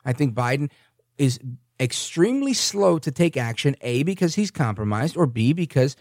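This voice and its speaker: A man hosting an opinionated political monologue, sarcastic and quick to mimic others in silly voices. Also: mid-range voice, very animated, a little mellow, no echo, studio quality. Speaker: political commentary host.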